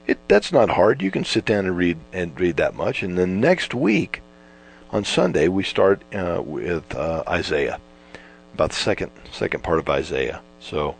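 Man, preacher, lowish voice, folksy bible talk, low hum behind. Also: low-quality recording. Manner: folksy, repetitive, with restarts and emphatic repetition. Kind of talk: informal Bible teaching.

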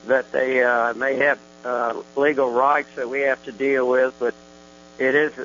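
A male pastor hosts a faith radio program in a steady, encouraging way. His voice comes through dull and lo-fi, with a faint mains hum underneath. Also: mid-range voice, a little slow. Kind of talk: religious radio talk show.

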